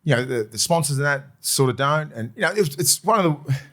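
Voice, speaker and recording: Aussie bloke in his 40s, ex-league player, rambling sweary yarns on a podcast, mid pitch. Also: a little fast. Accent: Australian. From Australia. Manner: rambling, sweary, animated storytelling. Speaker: podcast co-host, former rugby league player. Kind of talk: casual podcast chat.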